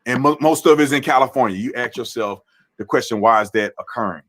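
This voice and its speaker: A man's voice: mid-range voice, quick pace, fairly bright tone. A man hosting a political commentary livestream who talks animatedly and often restarts his phrases. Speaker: livestream host.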